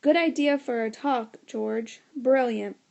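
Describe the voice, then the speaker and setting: A scheming man, eager and ingratiating yet firm, as a woman reads him. The tone is mellow and dark, roughened by a gravelly edge. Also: on the high side, slow pace. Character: scheming man, breathless and smooth-talking.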